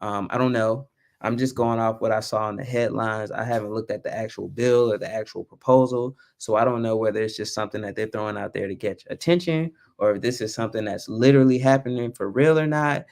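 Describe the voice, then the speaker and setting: Here the young male streamer sounds brisk and gravelly, with a slightly mellow edge. Hushed so the kids stay asleep, he talks in a lively, casual way, wandering off topic and now and then forgetting where he was going.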